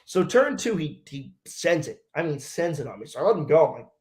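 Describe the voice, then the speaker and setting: A man's voice: fairly high pitch, very animated, fairly quick, few pauses, a little mellow, a little hiss or hum. A man, a race car driver, telling a story in a casual interview, acting out radio exchanges and swearing freely.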